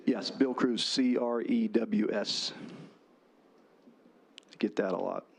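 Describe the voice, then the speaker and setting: A man's voice: on the low side, slow, vocal fry, slightly rough. A man, a veterans' post commander, giving earnest prepared testimony at a legislative hearing.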